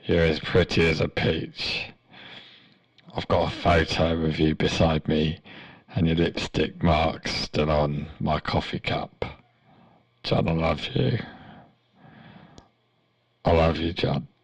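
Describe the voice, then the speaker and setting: A man's voice: very deep voice, fairly even intonation, slow pace, pauses often, breathy edge, exaggerated voice, poor audio. A man playing an overemotional, lovesick male sports reporter in a comedy sketch, gushing and pleading. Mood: doting. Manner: gushing, sobbing pleas.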